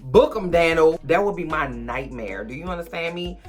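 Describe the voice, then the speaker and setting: A woman's voice: low-pitched, expressive, normal speed, few pauses, faint music behind. A woman host casually recapping a TV episode, chatty and slangy, talking straight to her viewers while a little tipsy. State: tipsy from drinking.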